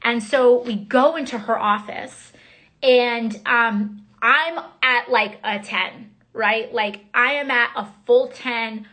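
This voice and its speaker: A woman, a member of Congress, recounting events in a casual, halting livestream talk full of fillers and restarts. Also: on the high side, pushed and bright. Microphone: phone.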